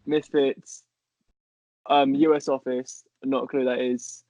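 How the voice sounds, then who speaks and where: A man's voice: mid-range voice, flat delivery, takes it slowly, dark tone, no room sound. A man co-hosting a podcast in casual, jokey chat, often stumbling over and repeating his words. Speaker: podcast co-host. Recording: dull, slightly muffled audio.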